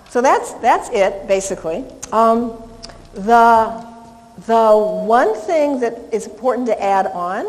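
A woman dog trainer teaching a live class, chatty and animated, cooing softly when she praises a dog. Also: medium pitch. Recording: long hall reverb.

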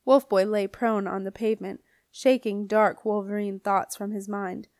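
A woman narrates a children's fantasy audiobook in a steady, clear voice at a middle pitch. The recording is dry and close to the mic. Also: moderate pace, no room sound. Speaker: audiobook reader. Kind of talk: scripted narration.

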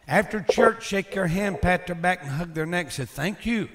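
An older man, a former pastor and builder, tells stories from his life in a folksy, animated way, chuckling as he goes. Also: sits high, moderate pace. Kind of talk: casual storytelling.

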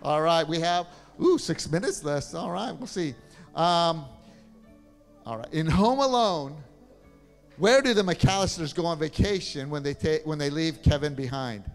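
A man, a pastor, casually hosting a Christmas trivia game in church, playful and chuckling as he reads the questions slowly. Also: fairly high pitch, expressive, big-room sound, faint music behind. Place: church hall.

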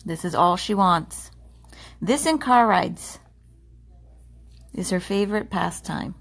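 Slow, earnest woman pleading for viewers. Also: lowish voice, creaky. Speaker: dog rescue volunteer. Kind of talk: appeal to viewers in a home video.

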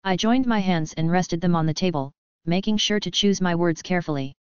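A woman narrating an audiobook in a steady first-person reading. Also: fairly low pitch, fairly quick, clear, resonant tone, dry recording. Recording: dry, slightly muffled recording.

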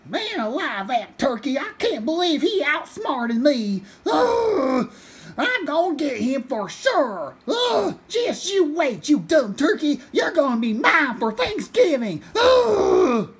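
A woman voicing a bumbling hillbilly farmer out hunting turkey for a puppet show comedy, full of folksy rural slang and loud hollers. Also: high voice, sing-song, takes it slowly, heavily acted. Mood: boastful.

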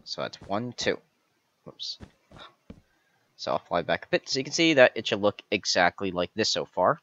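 A man narrates a building tutorial step by step, counting out each block he places. His voice sits a little low but sounds bright and forceful. The recording is dry and slightly dull, like a modest home setup. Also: very animated, moderate pace. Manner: methodical, counts blocks aloud one by one. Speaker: tutorial host. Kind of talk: step-by-step game tutorial voice-over.

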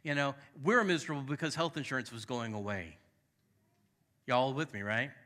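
A man's voice: mid-range voice, moderate pace, bright, forceful tone. A male pastor from New England preaching a sermon in a church, speaking emphatically and conversationally, calling out to the congregation and telling personal stories with candid asides. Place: church sanctuary.

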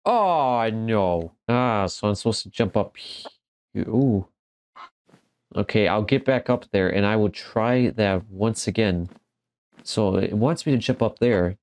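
A man's voice: lowish voice, slow, darkish tone, no room sound. A man giving casual let's-play commentary, joking and exclaiming as he talks back to the game. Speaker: gaming commentator.

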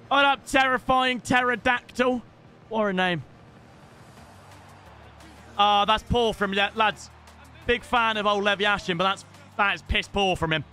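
A young British man commentating live on his own gameplay, excitable and casual, swearing freely and shouting at big moments. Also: sits high. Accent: British English. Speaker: gaming streamer.

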